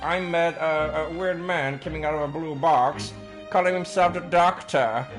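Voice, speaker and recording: A man's voice: a little high, a little slow, music in the background. A man streaming a game, chatting casually and laughing at himself between reading lines.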